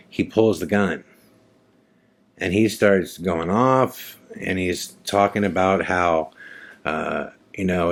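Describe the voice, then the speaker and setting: A man with a very low, deep voice recounts a personal story as a podcast host. He talks loosely and conversationally, often restarting sentences and leaning on fillers.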